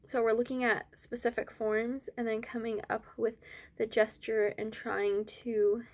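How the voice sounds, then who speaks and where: Breathless young woman rambling softly. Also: fairly high pitch, little pitch movement, a little slow. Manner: rambling, soft-spoken, with many fillers. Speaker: art student vlogger. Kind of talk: casual vlog chat.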